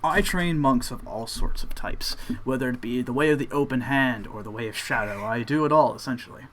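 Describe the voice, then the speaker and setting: A man voicing a tired older male monk trainer who speaks formally and gently. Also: mid-range voice, fairly quick, a little hiss or hum, close to an everyday voice. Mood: explaining.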